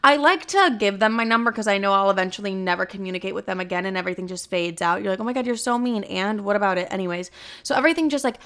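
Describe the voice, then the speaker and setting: Smooth-voiced young woman podcast host. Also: mid-range voice, racing, fairly bright tone. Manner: playful, profane and gossipy. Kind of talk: casual chat.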